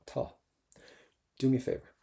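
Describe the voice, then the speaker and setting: A man's voice: normal speed, dark tone. A man with an Irish accent, teaching an exam-prep language lesson in a chatty, joking way, drilling pronunciation.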